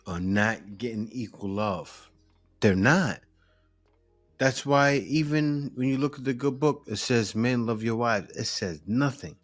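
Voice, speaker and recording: A man in the host seat, reacting to clips with an emphatic, preachy delivery. His voice sits at an ordinary, middle pitch for a man. Faint music plays underneath. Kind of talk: reaction commentary.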